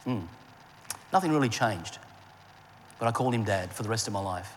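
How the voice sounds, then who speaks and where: A middle-aged man preaching a sermon and telling a personal story, rising in pitch for emphasis and dropping low and soft in his memories. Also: expressive, brisk. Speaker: pastor. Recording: long hall reverb, faint ambient noise.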